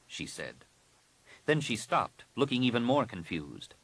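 Male audiobook narrator, low, husky, lively range. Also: unhurried, no room sound, rough recording.

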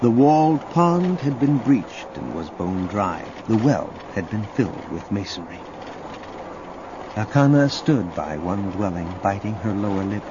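A man narrating an audiobook in a dramatic, lively reading. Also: lowish voice, measured pace, background noise. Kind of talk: scripted narration. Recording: dull audio under loud music.

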